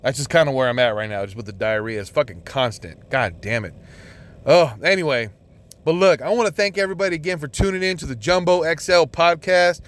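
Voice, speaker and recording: A man's voice: a little high, expressive, brisk. A man hosting a casual solo podcast, rambling and swearing a lot, often restarting his sentences. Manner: rambling and profane, with many restarts and filler words. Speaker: podcast host.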